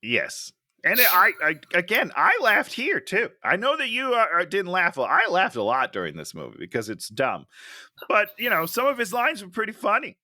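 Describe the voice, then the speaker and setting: A man co-hosting a comedy movie review podcast, talking in a sarcastic, animated way and acting out lines from the film. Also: sits high, moderate pace, no room sound, clean studio sound. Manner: animated, sarcastic, acts out characters' lines in big voices. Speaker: podcast co-host.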